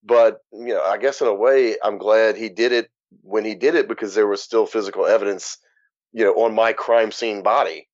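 A man's voice: lowish voice, fairly even intonation, normal speed. A man from Louisiana, a podcast guest, recounting his own past in a plain, matter-of-fact way with frequent restarts. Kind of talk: candid personal account. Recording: dull, muffled dry recording.

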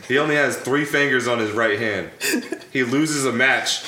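A young man, a podcast guest, telling stories in casual chat. He is animated, swears freely and laughs as he talks. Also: medium pitch, normal speed, slight background noise. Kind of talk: casual storytelling on a couch podcast. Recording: echoey room.

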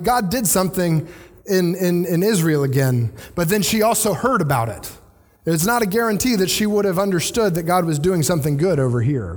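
A man preaching a sermon in a casual, conversational way, with animated paraphrases of the text he reads. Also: fairly high pitch, in a large hall. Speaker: pastor.

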